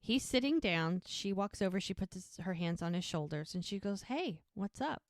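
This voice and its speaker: A woman hosting a podcast, casually recapping a TV episode with animated storytelling. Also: lowish voice, normal speed, no echo, clean studio sound. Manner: animated storytelling, acting out lines in passing.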